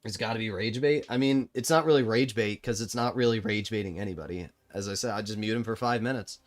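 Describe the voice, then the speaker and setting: A man's voice: on the low side, fast talker. A young man streaming a tank game live, giving sarcastic, exasperated commentary to his chat. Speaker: gaming streamer.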